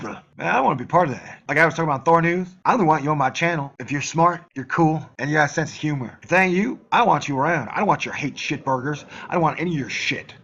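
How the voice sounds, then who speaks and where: A man's voice: a little high, fast talker, few pauses, fairly bright tone, highs cut off. A man ranting on his own channel, heated and profane, sometimes mocking the voices of his critics. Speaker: YouTube channel host. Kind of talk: angry solo rant to camera.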